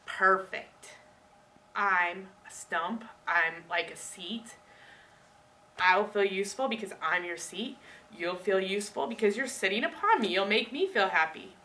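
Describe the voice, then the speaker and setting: A woman's voice: mid-range voice, lively intonation, a little slow, pushed and bright, distant mic. A woman voicing a generous talking apple tree in a book retelling, speaking in a cheerful, offering manner. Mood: content.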